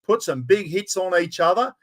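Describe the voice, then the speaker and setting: Over a noisy crowd, a high-voiced Australian podcast host chats casually at a moderate pace with lively intonation. He's a talkative, blokey type who calls everybody mate.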